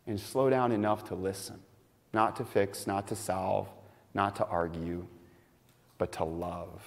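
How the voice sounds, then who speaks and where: Pastor guy preaching, kinda deep voice, chatty storytelling, long reverb from the sanctuary. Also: steady tone, measured pace. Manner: conversational, warm storytelling that drops to soft, quiet emphasis. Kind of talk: sermon with personal storytelling. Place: church sanctuary.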